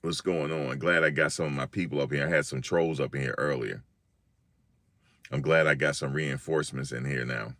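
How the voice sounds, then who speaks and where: A man from Virginia hosts a casual live stream, telling animated stories in slang and acting out the lines of the people in them. His very low voice comes at a moderate pace, recorded dry and close with no echo.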